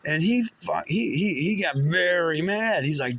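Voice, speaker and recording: Sitting high, expressive, a bit bright and slightly rough, this man's voice carries an angry, rambling monologue about his own story. He swears often, sounds agitated, and stumbles through many restarts.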